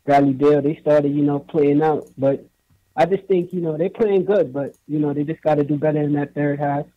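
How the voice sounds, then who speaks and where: A man from New York calling in to a podcast, speaking softly and evenly in casual chat over a muffled phone line. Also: on the high side. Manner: soft-spoken, even and unhurried. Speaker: caller.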